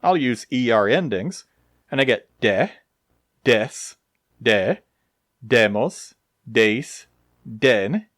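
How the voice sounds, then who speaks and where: Slow, lively-voiced man teaching grammar. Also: medium pitch, no echo. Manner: slow, deliberate explanations with dry humor. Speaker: Spanish teacher. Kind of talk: recorded grammar lesson.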